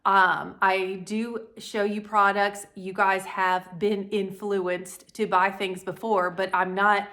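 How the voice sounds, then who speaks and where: A woman's voice: medium pitch, level tone, takes it slowly, few pauses, fairly bright tone. A middle-aged woman, talking bluntly and casually while decorating her home for a vlog. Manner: bold and blunt, folksy.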